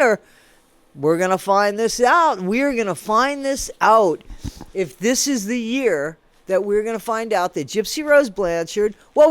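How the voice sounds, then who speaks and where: A woman's voice: medium pitch, no room sound. A woman giving casual gossip commentary in a playful, rambling way, with sing-song asides. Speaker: commentary vlogger.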